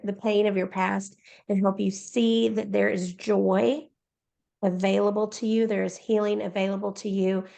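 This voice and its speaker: A woman's voice: medium pitch, vocal fry, darkish tone. A woman co-hosting a faith ministry podcast, speaking in an encouraging, affirming way to listeners. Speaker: podcast co-host.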